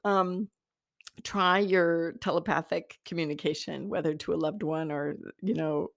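A woman's voice: on the low side, fairly even intonation, a little slow, vocal fry, dry recording, clean studio sound. A middle-aged woman talking in a chatty teaching style, laughing often and restarting her sentences. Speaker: spiritual teacher. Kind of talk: casual teaching talk.

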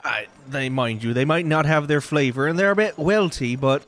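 A man voicing a gruff, folksy male market vendor in a tabletop game, speaking in old-fashioned dialect with hesitant stammers. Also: fairly high pitch, normal speed, a bit bright, pitched above the performer's own voice, close to an everyday voice. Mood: grudging.

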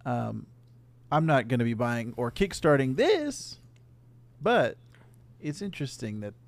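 A man's voice: mid-range voice, sing-song, unhurried, no echo. A man hosting a casual video game podcast, reading out news items and bantering with his co-hosts. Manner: reads headlines then banters.

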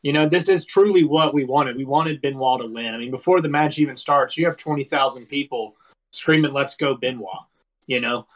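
A man in his thirties, co-hosting a casual podcast, recounting a wrestling match in an animated, profane, storytelling way. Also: mid-range voice, a little fast. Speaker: podcast co-host. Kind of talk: casual wrestling review chat.

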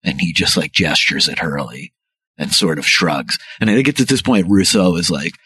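Deep-voiced male GM, husky and lively, dry room. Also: normal speed, dry recording. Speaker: game master. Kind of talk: narrating a tabletop game.

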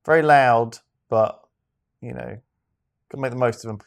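A man's voice: mid-range voice, moderate pace. A man co-hosting a casual comedy chat, joking and laughing often. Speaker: podcast co-host. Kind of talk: casual banter.

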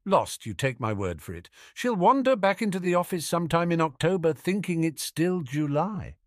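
A man's voice: fairly high pitch, sing-song, moderate pace, no room sound, clean studio sound, pitched above the performer's own voice. A man voicing a jovial, careless middle-aged gambler who talks in a breezy, sing-song way.

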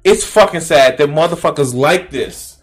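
A man's voice: fairly high pitch, normal speed. A man hosting a reaction video, talking in a casual, profane and incredulous way, mocking and laughing at what he watches.

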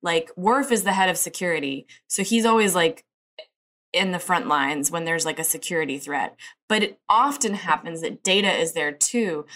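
A woman's voice: low-pitched, fairly bright tone. A woman co-hosting a casual chat, rambling and saying "like" constantly. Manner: rambling, heavy use of "like".

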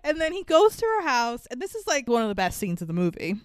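A woman co-hosting a podcast in casual chat, animated, laughing often and swearing freely. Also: on the high side, quick pace, clear, resonant tone, dry recording. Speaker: podcast co-host.

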